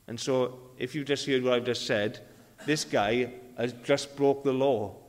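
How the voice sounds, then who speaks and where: A man delivers a sermon in an easy, talking style at a mid pitch. He circles back to key phrases to drive them home. His voice carries a long hall reverb, as if from a big church. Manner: conversational, repeats key phrases for emphasis. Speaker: preacher. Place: church service.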